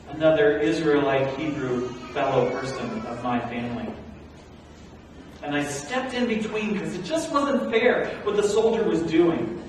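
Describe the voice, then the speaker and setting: A male pastor preaching a sermon as a first-person Bible story, animated and swinging from hushed to loud. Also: a little high, slight background noise. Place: large church sanctuary. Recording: echoey hall, recorded from far off.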